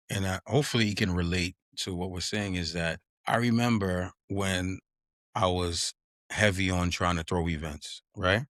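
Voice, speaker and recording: A young man tells a story on his podcast with a fairly low voice. He is animated and jumps up in pitch whenever he acts out what his friends said. The sound is dry and close, with no room around it. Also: no echo. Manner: animated, acts out quotes in a raised voice, drops "yo" and "you know what I mean". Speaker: podcast host. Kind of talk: casual storytelling chat.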